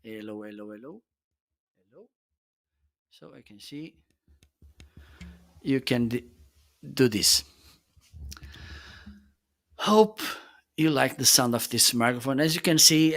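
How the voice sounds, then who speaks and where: Man, livestream host, casual gear demo, mid-pitched voice, explains step by step, non-native english phrasing. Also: a bit bright. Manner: explanatory, often checks in with "okay". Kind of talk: casual product demonstration.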